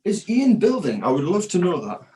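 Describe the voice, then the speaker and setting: Husky man explaining a craft, with hiccups. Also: high-pitched, wildly swooping pitch, a little fast, mellow, rough recording. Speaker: kite builder demonstrating. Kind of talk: step-by-step craft instruction.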